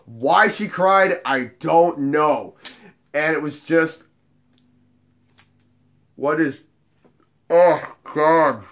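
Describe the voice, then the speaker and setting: A man telling bar stories from his job as a bouncer, cursing freely and keeping the delivery animated and jokey. His voice sits a bit high for a man. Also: extremely slow, pauses often. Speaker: nightclub bouncer and storyteller. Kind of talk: casual storytelling vlog.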